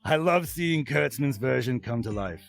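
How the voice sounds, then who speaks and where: A man's voice: medium pitch, lively intonation, moderate pace, gravelly, soft background music. A man hosting a casual film review podcast. He swears freely, giggles often and keeps losing his place. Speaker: podcast host.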